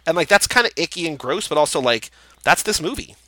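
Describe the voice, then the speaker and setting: A man hosting a podcast in casual chat, talking in an animated way with quick restarts and easy laughs. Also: on the high side, no echo, low-quality recording. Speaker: podcast host.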